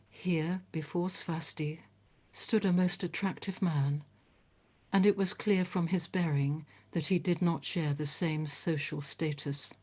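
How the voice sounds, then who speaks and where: Slow, calm female storyteller. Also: deep voice. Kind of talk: reading a story aloud.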